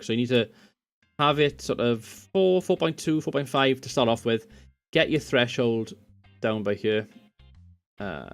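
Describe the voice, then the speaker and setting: A man casually walking through audio settings in a screen-recorded tutorial at his home computer desk, rambling and correcting himself as he goes, into a USB condenser microphone. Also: mid-range voice. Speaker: tech tutorial host.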